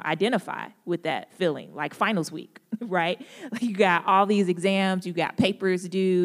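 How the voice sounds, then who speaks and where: A young woman speaking at a church gathering, who opens with prayer and then gives a casual, relatable talk full of jokes and laughs. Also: lowish voice. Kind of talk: conversational devotional talk opened with prayer. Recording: echoey hall with long reverb.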